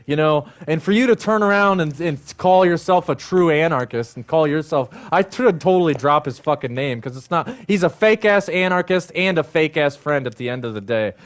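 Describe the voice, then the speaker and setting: A man rants heatedly into his stream, swearing often and circling back to the same points. His voice sits a little high for a man. He keeps the same worked-up tone throughout. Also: animated, normal speed, few pauses. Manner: heated, profane, repetitive. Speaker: livestream host. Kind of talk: angry ranting monologue.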